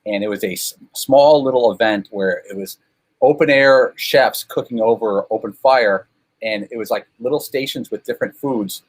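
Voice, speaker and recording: On a rough-sounding call with poor audio, a man from Chicago, a guest, spins long, meandering, self-deprecating stories casually, with lots of fillers. His pitch is medium and his pace moderate.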